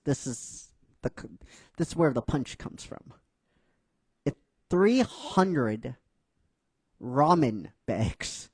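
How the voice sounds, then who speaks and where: A man casually retelling a fan-written script scene by scene, rambling and hesitant with many fillers. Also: fairly high pitch. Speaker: narrator.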